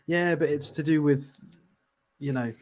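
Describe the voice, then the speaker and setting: Co-host, male, slightly high voice, plain and explanatory. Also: steady tone, measured pace. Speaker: podcast co-host. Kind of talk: casual chat.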